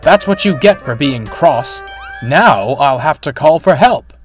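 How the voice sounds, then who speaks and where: A man's voice: fairly high pitch, lively intonation, measured pace, husky, soft background music. A man doing a blunt, scolding train driver.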